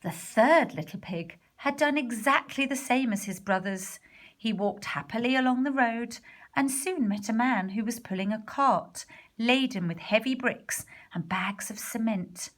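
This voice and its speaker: A woman narrating a storybook in a soft, partly whispered voice. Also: fairly high pitch, a little slow. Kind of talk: storybook reading.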